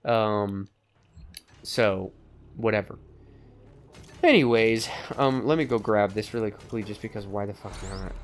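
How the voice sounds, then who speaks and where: A man's voice: on the low side, steady tone, unhurried, pauses often, a little hiss or hum. Rambling, swearing young male gamer. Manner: rambling, swears a lot, laughs often. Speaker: let's play co-host. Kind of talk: casual gaming banter.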